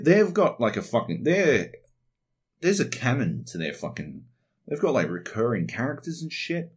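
A man's voice: medium pitch, slightly rough. An Australian man hosting a podcast alone, rambling casually and swearing freely. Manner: rambling, heavy swearing, animated. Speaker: podcast host. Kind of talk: casual solo podcast monologue.

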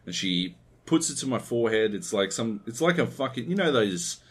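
A man's voice: medium pitch, sing-song, normal speed, husky. A man hosting a podcast, telling a long, profane, rambling anecdote in casual chat. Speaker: podcast host.

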